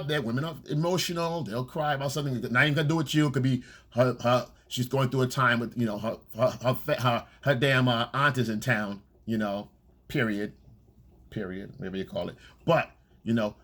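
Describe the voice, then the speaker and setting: A man talks through a casual coaching monologue on dating, blunt and peppered with profanity. He keeps checking in with "okay?" and "all right?" between points. His voice sits at a middling pitch with a husky grain. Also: fairly bright tone.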